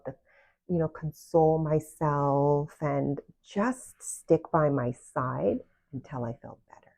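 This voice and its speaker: A woman with a low voice gives casual self-love coaching straight to the listener. She talks earnestly and keeps putting direct questions to the people she is addressing. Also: warm tone. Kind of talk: casual motivational talk to camera.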